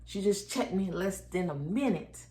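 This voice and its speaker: A woman's voice: mid-range voice, moderate pace. A woman telling the story of her baby's birth in a casual, chatty way, acting out each exchange and talking straight to her viewers. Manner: animated, acts out each exchange. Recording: echoey room with faint background noise.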